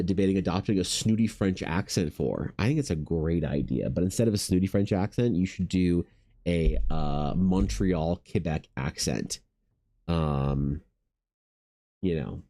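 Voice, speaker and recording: A man's voice: sits low, dark tone, no echo. A man artist chatting casually on a livestream, rambling and joking self-deprecatingly with his viewers. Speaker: artist streaming commissions.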